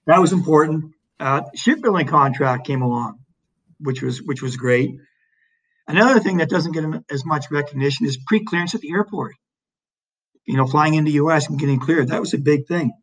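A man's voice: medium pitch, low-quality recording. A man being interviewed, talking conversationally with lots of restarts and fillers. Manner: animated storytelling with frequent restarts and fillers. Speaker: interview guest, economic development leader.

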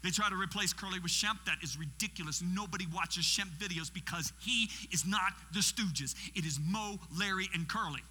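A man's voice: sits high, moderate pace, few pauses, bright, forceful tone, husky. A man in his sixties, a guest preacher giving a sermon, telling stories, acting out what people said and putting questions to the audience. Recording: reverberant hall with faint mains hum.

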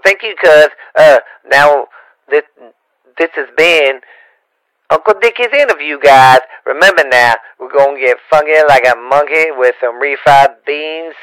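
A man's voice: medium pitch, a bit bright, smooth, dry recording, poor audio. A man voicing a rambling, affectionate older Cajun uncle in a put-on Louisiana accent, stammering through repeats and folksy rhymes on a comedy podcast. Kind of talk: comedic podcast character bit.

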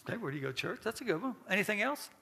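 A man with a high, gravelly voice leads a church class, throwing questions to the room in a folksy manner. His tone is bright and a little husky, and he laughs easily as he teaches. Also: very animated, very fast.

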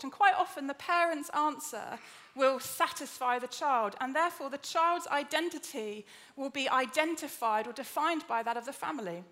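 A woman preaching a lively, chatty sermon in a church, joking with the congregation. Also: high voice, moderate pace. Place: church auditorium.

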